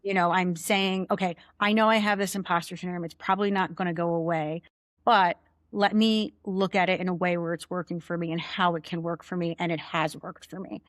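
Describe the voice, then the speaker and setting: Candid woman guest, young adult, lower register, close dry studio mic. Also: brisk, dry recording. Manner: candid, animated storyteller. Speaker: guest, chief financial officer. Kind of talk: casual interview chat.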